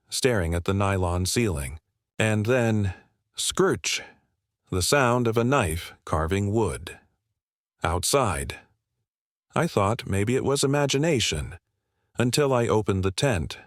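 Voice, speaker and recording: A middle-aged man narrating a camping horror story in a slow, hushed, ominous way. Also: on the low side, no room sound, studio quality.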